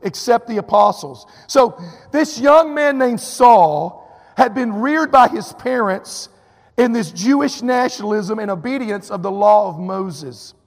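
A man's voice: high-pitched, a little slow, big-room sound. A man from Texas preaching a sermon, telling a story and acting out what people said, with lots of "you know" asides. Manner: animated, acts out quotes, drawling fillers.

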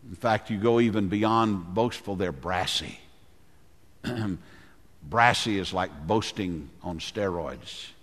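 A male pastor preaching a dramatic sermon, often clearing his throat and dropping low when he speaks as the giant. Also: slow, a bit bright. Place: church sanctuary. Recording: long hall reverb.

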